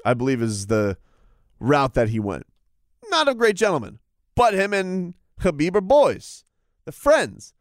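A man's voice: mid-range voice, very animated, measured pace, dry recording, studio quality. Rambling man talking fight sports. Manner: rambling, repetitive restarts. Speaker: combat sports commentator. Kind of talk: casual chat.

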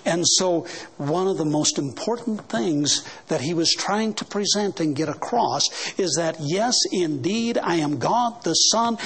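Brief: male preacher with a high voice, earnest and emphatic, repeats words as he drives each point home. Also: a bit bright, husky. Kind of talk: Baptist sermon.

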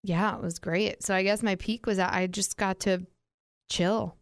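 A young woman co-hosts a casual chat, blunt and teasing as she hands out practical advice. Her voice is smooth and clear, recorded dry and close to the mic. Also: medium pitch, steady tone, moderate pace, no echo. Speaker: podcast co-host.

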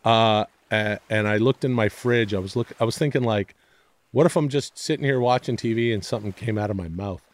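A man's voice: lowish voice, a little fast, no echo. A man as a podcast guest, telling comic stories in a loose, profane way and acting out quotes in silly voices. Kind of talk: animated comedic storytelling.

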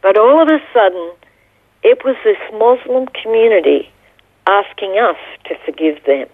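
A woman's voice: medium pitch, animated, moderate pace, no room sound. A middle-aged woman, a guest, earnestly telling a personal story in an interview. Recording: tinny phone line.

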